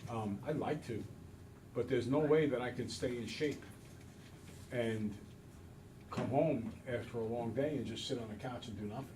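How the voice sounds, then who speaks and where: A man's voice: mid-range voice, moderate pace, long pauses, far from the mic, noisy background. A man teaching a math class, talking to students and acting out little scenes as he goes. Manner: animated storyteller, acts out voices. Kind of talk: classroom lecture.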